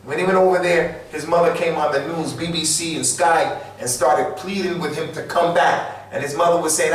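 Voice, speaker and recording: In a small, echoey mosque recorded by a faraway mic, an American Islamic lecturer preaches with emphasis and repeats key phrases to give them weight. He talks at a normal speed, his voice on the high side.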